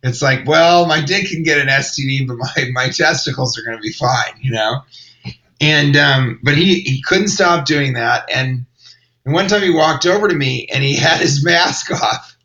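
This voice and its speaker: A man's voice: mid-range voice, normal speed, bright, forceful tone, low-quality recording. A man, a comedian, telling a rambling, wry story in casual chat. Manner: rambling, wry, self-interrupting. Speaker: comedian and podcast host.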